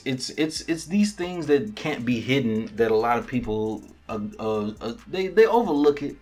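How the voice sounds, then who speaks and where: A podcast host recapping an episode in a loose, slangy way, with profanity. He's a man with a mid-range voice who acts out the characters' lines as he goes. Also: mid-range voice. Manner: animated storytelling with quoted character lines and laughs.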